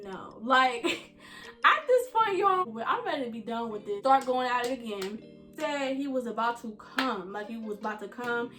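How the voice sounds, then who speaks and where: Young woman, high-pitched, casual storytime vlog, talks to viewers directly. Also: a bit bright. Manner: chatty, addresses viewers as y'all and you guys. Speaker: vlogger.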